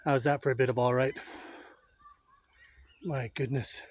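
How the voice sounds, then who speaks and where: A man's voice: mid-range voice, fairly even intonation, a little slow. A man, chatting casually to viewers while camping outdoors at a lakeside site. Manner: chatty, addresses viewers as gang, many uh fillers. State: a little out of breath. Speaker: outdoor vlogger.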